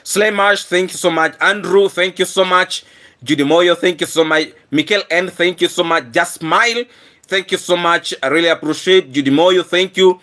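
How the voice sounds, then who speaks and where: His throat is rough, but the man's raised voice on his live stream comes out sharp and bright, high in pitch with fairly even intonation and a moderate pace. He clears his throat often and keeps thanking viewers in a repetitive, heartfelt way.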